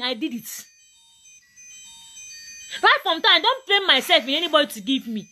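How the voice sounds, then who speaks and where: A woman's voice: high voice, big pitch swings, moderate pace, pushed and bright, soft background music. A Nigerian woman giving a motivational talk to camera, emphatic and preachy, often repeating her points. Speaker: motivational vlogger.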